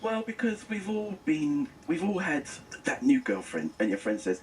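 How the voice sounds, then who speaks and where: Middle-aged male guest, low voice with lively swings, earnest storyteller, a bit off-mic with faint hiss. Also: fast, hardly any pauses, recorded from a distance, rough recording. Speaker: radio guest reviewing papers. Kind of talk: casual radio chat.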